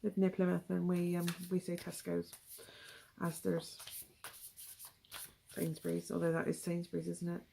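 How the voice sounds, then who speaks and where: A woman's voice: fairly low pitch, level tone, moderate pace, creaky, long pauses, warm tone, slight background noise. A young woman with a West Country English accent giving a casual, rambling tarot reading, full of asides and ums. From England. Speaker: tarot reader.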